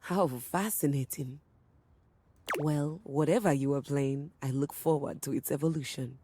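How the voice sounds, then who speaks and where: A woman's voice: low voice, a little slow, warm tone, a little hiss or hum. An actress playing a haughty, refined keyboard woman with a condescending, polished way of speaking. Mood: aloof.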